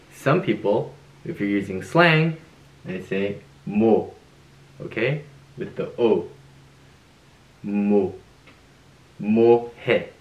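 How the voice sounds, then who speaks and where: A man with a fairly low voice leads a casual video lesson. He sounds upbeat and playful, laughs easily, and says phrases slowly and more than once. The room is echoey. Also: highs cut off. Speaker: Korean language teacher.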